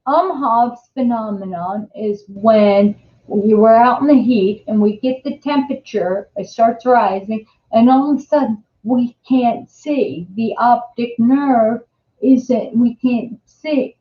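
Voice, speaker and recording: Older jersey lady rambling on a live stream, slow and kinda high, echoey lo-fi room. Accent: New Jersey. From New Jersey. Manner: rambling, chatty, many restarts and fillers. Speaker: host. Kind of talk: casual live-stream chat. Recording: echoey room, dull lo-fi sound.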